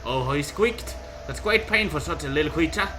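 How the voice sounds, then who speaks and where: Man doing a shrill, spiteful young woman. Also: expressive, a little fast, background noise, lightly acted. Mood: taunting. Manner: shrill, taunting, high-pitched.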